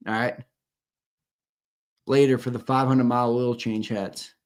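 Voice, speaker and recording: A young man co-hosting a live fan show, chatting loosely with viewers, swearing and repeating his lines as he reads comments. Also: mid-range voice. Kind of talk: casual live-stream chat reading comments.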